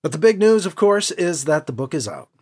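A man who hosts and writes the show, narrating a science fiction story and then speaking to listeners as an expressive storyteller. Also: on the high side, fairly quick. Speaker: host and writer. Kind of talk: audiobook narration.

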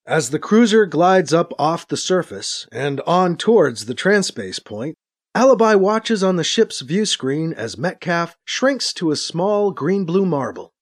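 A man reading a science fiction story as narrator, in steady storytelling narration. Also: a little high, a little slow. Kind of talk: scripted narration.

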